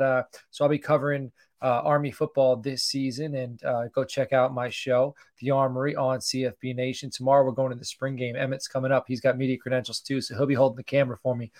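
Casting note: middle-aged man, livestream host, chatty and conversational, mid-pitched voice. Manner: chatty, greets live viewers by name. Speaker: podcast host doing a mock draft. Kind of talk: casual livestream commentary.

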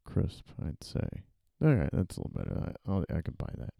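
A man, an author, thinks aloud while drafting and typing in a dark room, muttering, rereading and correcting himself. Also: sits low, wildly swooping pitch, brisk, gravelly, hardly any pauses, no room sound.

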